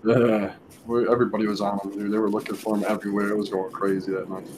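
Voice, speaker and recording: A man's voice: lowish voice, flat delivery, fast, noisy background. A man co-hosting a podcast, chatting in a laid-back, casual way. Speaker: podcast co-host. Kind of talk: casual chat.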